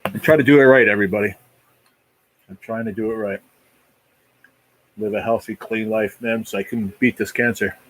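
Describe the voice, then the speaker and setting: A man's voice: fairly low pitch, steady tone, normal speed, long pauses, a bit bright, rough recording. A man hosting a casual live stream, rambling easily and chatting while he eats. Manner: rambling, easygoing, talks while eating. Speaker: livestream host.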